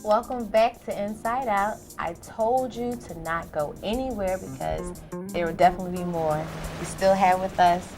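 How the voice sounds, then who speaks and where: A woman's voice: mid-range voice, moderate pace, over music. A woman hosting a TV talk show, interviewing a guest in an upbeat, welcoming way. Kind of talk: TV studio interview.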